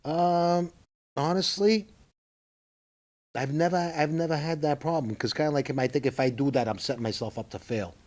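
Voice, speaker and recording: A man's voice: a little high, normal speed, a little mellow. A man, a stand-up comedian chatting eagerly in an interview and jumping into his partner's stories. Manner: chatty, eager, talks over others. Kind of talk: casual interview chat.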